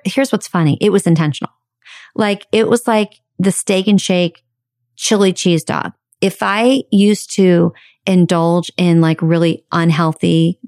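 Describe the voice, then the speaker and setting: A woman in her forties, a podcast host and life coach, telling a personal story in a candid, animated way with casual swearing. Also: fairly low pitch, no room sound, clean studio sound. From United States.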